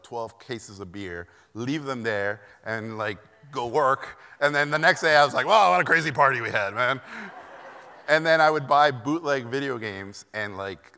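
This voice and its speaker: A man gives an animated storytelling keynote from a conference stage. His voice is bright and forward. The sound carries a long hall reverb. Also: medium pitch. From Mexico. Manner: lively, animated anecdotes, laughing often. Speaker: keynote speaker.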